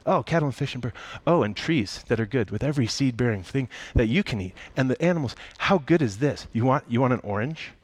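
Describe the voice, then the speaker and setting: A man voicing God as a gentle, playful figure, soft and full of wonder as he shows off creation. He speaks in his own everyday voice. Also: mid-range voice, expressive, a little fast, few pauses, husky, no room sound. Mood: gentle delight. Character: gentle delighted male God showing creation.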